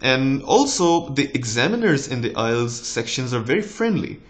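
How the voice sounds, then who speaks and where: A young man in his twenties with a slight American tinge, a doctor giving relaxed, encouraging exam tips in a casual vlog. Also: normal speed. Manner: relaxed, encouraging, with lively rises in pitch.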